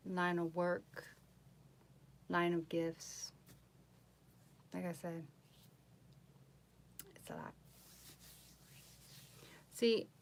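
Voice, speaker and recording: A woman tarot reader with a fairly low voice chats casually on a live stream from home. She is boastful and animated, mocking others by putting on voices.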